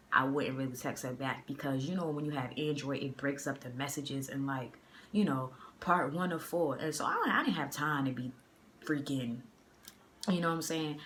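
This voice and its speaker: A woman's voice: a bass voice, a bit bright, slight background noise. A woman from the area, telling a story in a casual storytime vlog. She talks in a loose, chatty way full of fillers and slang, recorded on a phone. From Boston area. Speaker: vlogger. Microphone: phone camera.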